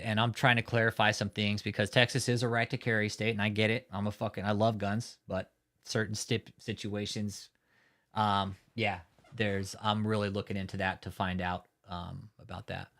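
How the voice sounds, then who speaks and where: A man's voice: lowish voice, fairly even intonation, moderate pace, a bit bright. A man hosting a live stream, talking in a heated, profane rant and often swearing. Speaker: livestream host. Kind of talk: angry live-stream commentary.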